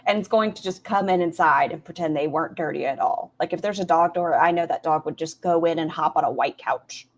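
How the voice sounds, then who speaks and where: A woman's voice: low-pitched, fairly quick, hardly any pauses. A woman hosting a reaction stream, making wry, snarky comments on clips and chatting with viewers.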